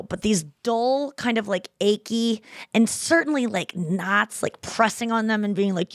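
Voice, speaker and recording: A woman hosting a podcast in casual chat, telling stories with lively acted-out voices. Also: mid-range voice, a little slow, dry recording, clean studio sound. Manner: animated storytelling, acts out voices. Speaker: podcast host.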